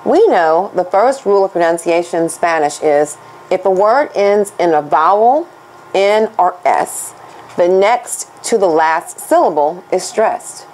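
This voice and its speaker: A woman gives a scripted Spanish lesson in a lowish voice. She speaks slowly and deliberately, like a patient one-on-one teacher, going back and forth between English and Spanish. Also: expressive, darkish tone, rough recording.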